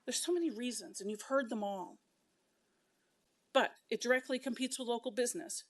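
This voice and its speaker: A middle-aged woman stands at a council meeting and gives an angry public comment about her business and her taxes. She speaks in heated bursts, and her voice sits a little high. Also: animated, brisk. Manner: impassioned, indignant, speaking in bursts. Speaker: local business owner giving public comment.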